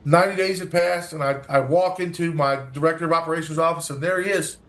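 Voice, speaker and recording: A man's voice: fairly high pitch, steady tone, fast, fairly bright tone. A man, a guest from a recovery organization, telling an earnest story in an interview, acting out dialogue and often restarting his sentences.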